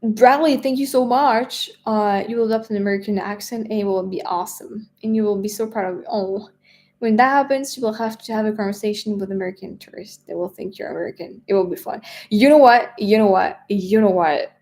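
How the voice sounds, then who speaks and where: Hosting a relaxed live stream, a French woman with an accent reads out viewers' questions, laughing frequently and often repeating herself or starting sentences over. She talks a little fast in a mid-range, somewhat dark voice.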